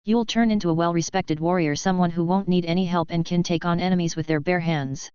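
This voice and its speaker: A woman's voice: lowish voice, fairly even intonation, fairly quick, a little mellow, clear, resonant tone, no echo, close to an everyday voice. A woman reading a stern cold commander. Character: stern cold male battalion commander, severe. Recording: slightly dull dry recording.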